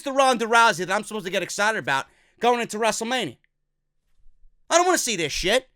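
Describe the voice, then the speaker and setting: A man's voice: sits high, lively intonation, quick pace, sharp tone, no room sound, clean studio sound. A man ranting bluntly in a profane wrestling review vlog, exasperated and swearing often.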